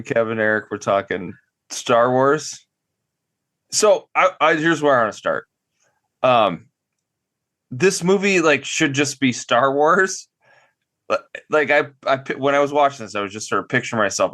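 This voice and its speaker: A man's voice: mid-range voice, fairly bright tone. A man hosting a podcast, chatting in a playful, rambling and profane way. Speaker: podcast host. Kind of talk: casual podcast chat.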